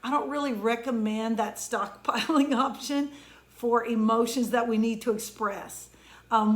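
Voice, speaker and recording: A woman with a fairly high voice delivers a heartfelt pep talk as an emotion coach. She speaks in an earnest, conversational way and draws out the words she wants to land. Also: a bit bright. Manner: earnest, conversational, slows down to stress key words. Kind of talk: motivational pep talk monologue.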